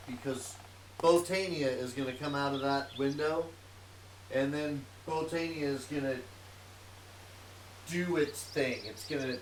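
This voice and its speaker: A man chatting through a gameplay stream at a middle pitch, narrating what he does and humming little tunes between thoughts. He sounds set back from the mic in a roomy space. A clear hiss of noise runs under his voice. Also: far from the mic. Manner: chatty, hums tunelessly to himself while working. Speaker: streamer playing a modded block game in VR. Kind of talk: casual let's-play commentary.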